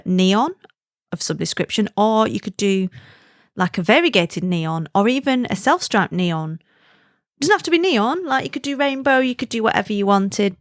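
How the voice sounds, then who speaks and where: A woman's voice: medium pitch, no room sound, studio quality. A woman hosting a casual podcast, chatty and giggling at her own jokes. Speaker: podcast host.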